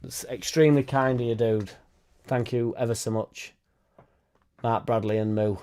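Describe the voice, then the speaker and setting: A man's voice: mid-range voice, fairly even intonation, moderate pace, warm tone. Brief: young man, casual live-stream host, blunt and sweary, rambles on. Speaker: football fan channel host.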